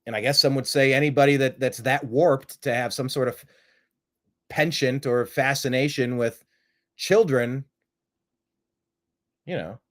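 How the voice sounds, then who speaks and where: A man's voice: mid-range voice, measured pace, pauses often. A man hosting a live-streamed talk show, rambling through opinionated commentary and throwing out rhetorical questions. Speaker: host.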